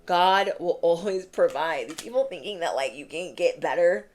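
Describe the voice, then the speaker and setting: A woman's voice: lowish voice, normal speed, a little mellow. A young woman giving a casual spiritual tarot reading and talking to viewers in a chatty, emphatic way. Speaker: tarot reader.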